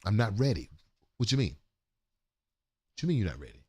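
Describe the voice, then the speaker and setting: Animated low-voiced man co-hosting. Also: a little fast, breathy edge. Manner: animated, joking, profane. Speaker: morning show co-host. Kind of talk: casual livestream talk show banter.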